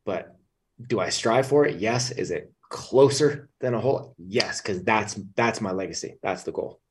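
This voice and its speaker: Low-voiced blunt male guest, off-mic. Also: moderate pace, husky, distant mic. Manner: blunt, swears freely. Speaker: podcast guest. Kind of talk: casual interview chat.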